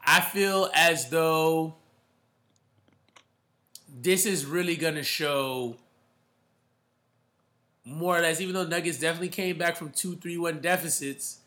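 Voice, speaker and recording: Bright-voiced man in casual sports talk. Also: a little high, a little slow, long pauses. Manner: emphatic, slangy, calls listeners bro.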